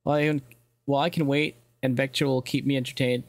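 A man's voice: medium pitch, flat delivery, a little fast. A young man speedrunning a game and narrating it casually, cracking crude jokes, swearing freely and laughing often. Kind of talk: casual gameplay commentary.

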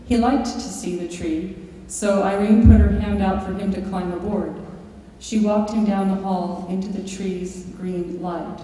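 A woman's voice: mid-range voice, fairly even intonation, measured pace, mellow, slight background noise. A woman author giving a lecture, reading from her book and telling stories in a large lecture hall. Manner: storytelling, with occasional fillers and restarts. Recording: echoey lecture hall, mic far off.

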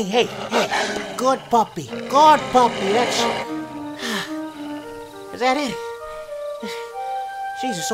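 A brash, swaggering mafia mob boss who swears in nearly every breath, put on by a man. He brags and bristles, then gets jumpy, in a voice pitched fairly high. Game music plays clearly behind him. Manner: swears constantly, cocky boasting mixed with jittery nerves. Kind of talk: in-character gameplay commentary.

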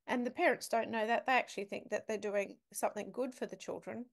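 A woman's voice: a little high, fairly even intonation, quick pace, gravelly, few pauses. Emphatic woman telling a story. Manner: vivid, emphatic storyteller who asks the listener questions. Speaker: podcast guest, business academic. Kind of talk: storytelling in conversation.

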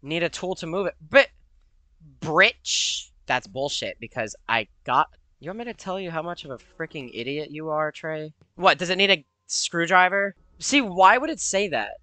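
A man's voice: a little high, expressive, normal speed, sharp tone, dry recording. A young man commenting on his own horror game play, jumpy and profane, with nervous laughter and sudden yelps. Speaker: gamer.

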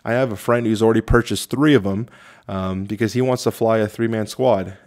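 A man with a somewhat low voice talks through a tabletop game review in a casual way. He reads the card text slowly and stops often to think, with plenty of ums and restarts between points. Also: fairly even intonation, a little mellow. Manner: halting, many fillers, reads rules slowly.

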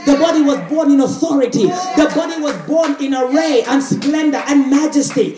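A woman pastor preaching a fiery sermon with call-and-response, rising often into shouts. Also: high voice, moderate pace. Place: church sanctuary with congregation. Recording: echoey church with crowd.

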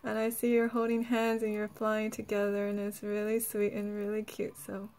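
A woman energy healer who talks gently and soothingly in a guided healing session, laughing often and saying "like" a lot. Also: mid-range voice, monotone, normal speed.

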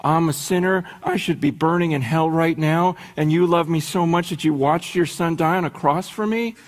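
A middle-aged man preaching a sermon as a pastor, swinging from hushed to urgent and asking the congregation rhetorical questions. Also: on the high side, normal speed.

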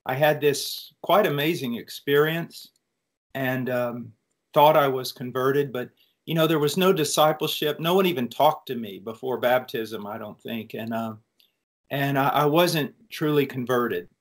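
A man's voice: medium pitch, measured pace. Man telling an earnest personal testimony. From United States. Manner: earnest, reflective storytelling. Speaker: preacher answering student questions.

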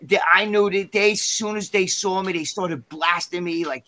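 A man tells an anecdote in an interview, in a bright, forceful voice that sits a little high for a man. His delivery is animated and rambling, and heavy with swearing. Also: moderate pace, hardly any pauses. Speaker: interview guest. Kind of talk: casual storytelling.

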